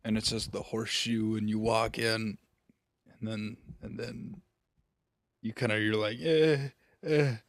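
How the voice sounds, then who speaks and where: A man's voice: fairly low pitch, monotone, measured pace, vocal fry, long pauses, a bit bright, no room sound, clean studio sound. A man in casual chat, playfully adding made-up jokey scenes to a friend's story. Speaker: podcast co-host.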